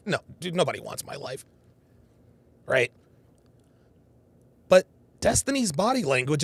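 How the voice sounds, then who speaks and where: A man's voice: a little high, moderate pace, vocal fry, long pauses, slightly rough, no echo. A man hosting a live reaction commentary, talking emphatically and repeating himself for stress. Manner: animated, repetitive emphatic phrasing. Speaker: host.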